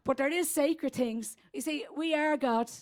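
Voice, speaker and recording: A woman's voice: high voice, a little slow. A woman doing Growler, a crude old Dubliner. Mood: bawdy. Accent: Dublin Irish. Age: 80s. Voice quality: crude, rambling, streetwise. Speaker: comedy character guest. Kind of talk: stand-up character monologue.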